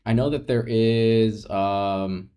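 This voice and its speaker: A man with a lowish, warm, clean-sounding voice talks slowly and steadily while streaming a game. His casual live-stream chat with viewers rambles in an open, emotional, reassuring way, and he often laughs and restarts his sentences.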